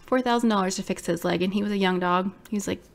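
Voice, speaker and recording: A woman in her thirties, a small business owner, telling viewers her own story in an animated, exclamatory way, full of "like". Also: mid-range voice, fast, gravelly. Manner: animated, exclamatory, many fillers like "like".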